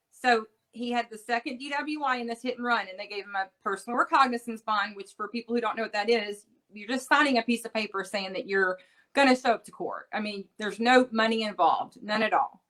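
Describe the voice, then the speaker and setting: A middle-aged woman talks with earnest feeling as an interview guest, her voice sitting a little higher than most. She stops and restarts often, repeating words as she goes. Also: fairly quick, a bit bright, low-quality recording. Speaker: interview guest, bereaved mother. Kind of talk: casual interview talk.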